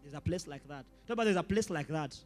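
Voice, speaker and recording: A Kenyan pastor preaching a sermon with animated delivery, switching between English and Swahili slang and rising to shouts. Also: a little high, quick pace, faint music behind.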